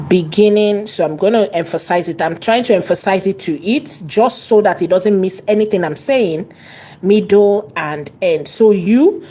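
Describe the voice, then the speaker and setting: A woman teaching an online course, repeating and stressing key words and slowing down as she dictates. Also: medium pitch, dark tone, husky. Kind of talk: tutorial lesson.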